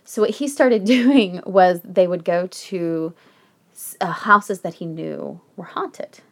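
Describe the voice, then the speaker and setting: Gravelly-voiced woman telling a ghost story. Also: lowish voice, takes it slowly. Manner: chatty, animated, swears, laughs often. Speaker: podcast co-host telling a true paranormal story. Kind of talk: casual storytelling chat.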